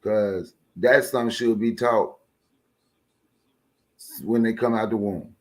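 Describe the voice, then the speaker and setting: A man's voice: on the low side, steady tone, takes it slowly, a little mellow. A man co-hosting a casual radio talk show, blunt and emphatic, his voice rising when he gets heated. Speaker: co-host.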